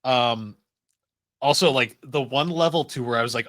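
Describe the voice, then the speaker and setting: A man's voice: medium pitch, moderate pace, fairly bright tone, no room sound. A man co-hosting a podcast, chatting casually and retelling scenes with quoted lines. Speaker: podcast co-host. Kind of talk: casual chat.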